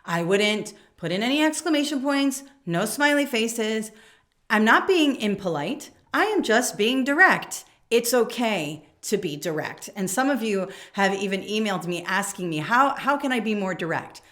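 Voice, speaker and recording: Talking straight to camera at normal speed, a female education coach in her forties coaches teachers on email habits in an animated, medium-pitched, slightly bright voice. Her delivery is direct and emphatic, and she reads sample emails aloud.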